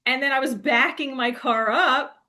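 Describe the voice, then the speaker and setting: A woman's voice: sits high, moderate pace, pushed and bright. A young woman telling a rambling, laughing story in a casual monologue, full of fillers. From New Jersey. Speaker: spiritual coach.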